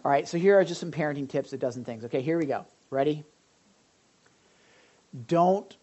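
Man, pastor, conversational sermon, animated, asks the room questions. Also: medium pitch, fairly quick, long pauses, slightly rough. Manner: animated, addresses the audience directly, frequent asides.

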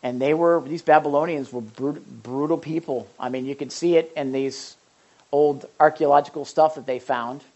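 Brief: energetic pastor mid-sermon, mid-range voice, repeats for emphasis. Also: medium pitch, moderate pace. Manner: animated, repetitive emphasis with restarts. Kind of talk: sermon with Bible reading.

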